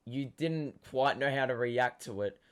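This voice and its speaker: Young Australian fan host, hoarse, casual excitable match recap, mid-pitched. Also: male voice, unhurried. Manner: excitable fan talk with many ums. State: hoarse from cheering.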